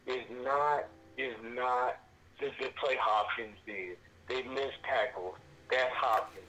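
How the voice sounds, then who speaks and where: A man's voice: mid-range voice, takes it slowly, bright, forceful tone, rough recording. A man calling in to a sports stream, ranting emphatically and in exasperation and repeating himself. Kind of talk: passionate fan rant.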